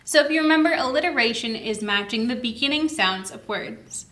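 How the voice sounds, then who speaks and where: A young woman, a children's librarian, explains reading games to parents in a cheerful way, sounding out words slowly and clearly while she demonstrates at a table. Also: a little high, expressive, fairly bright tone. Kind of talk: instructional video for parents. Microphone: camera mic.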